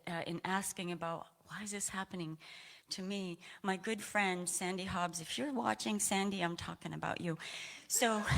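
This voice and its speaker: Sharing her testimony during a church service, this Aroostook County, Maine woman speaks at medium pitch with a slightly bright tone. Her telling wanders in a conversational way, and the emotion is audible.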